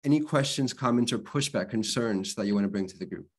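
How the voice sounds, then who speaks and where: A man's voice: on the low side, fast, slightly rough. A man presenting an online literacy workshop, explaining things in a conversational way and spelling out sounds. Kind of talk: workshop lecture.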